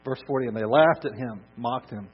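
A man preaching a sermon, swinging from loud emphasis to soft, hushed lines. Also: medium pitch, moderate pace, slightly rough. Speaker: pastor. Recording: dull lo-fi recording with mains hum.

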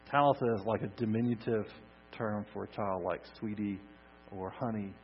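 A man preaching a sermon, swinging from loud emphasis to soft, hushed lines. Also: lowish voice, normal speed. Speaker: pastor. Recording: dull lo-fi recording with mains hum.

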